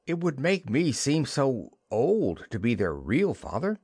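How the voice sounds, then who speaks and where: A man's voice: mid-range voice, huge pitch swings, unhurried, darkish tone, breathy edge, dry recording, studio quality, voice pushed up, heavily acted. A man voicing a carefree young boy in a storybook reading. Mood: boyish.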